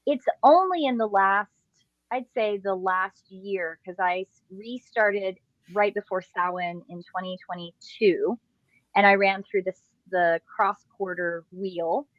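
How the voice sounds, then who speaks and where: A woman's voice: medium pitch, dry recording, muffled recording. A woman co-hosting a podcast, explaining spiritual practice in a reflective, chatty way. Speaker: podcast co-host. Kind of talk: casual podcast conversation.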